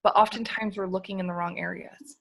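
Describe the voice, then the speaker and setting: A woman on a video call giving an energetic, emphatic motivational sales talk, peppered with "like" and "you guys". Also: mid-range voice, fairly quick, vocal fry. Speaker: guest speaker on a sales team call.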